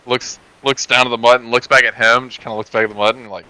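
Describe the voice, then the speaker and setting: A man's voice: mid-range voice, level tone, fast talker, few pauses, pushed and bright, smooth, no room sound, low-quality recording. Laid-back man playing his character. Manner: laid-back, amused, lots of fillers. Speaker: player. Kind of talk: in-character tabletop play.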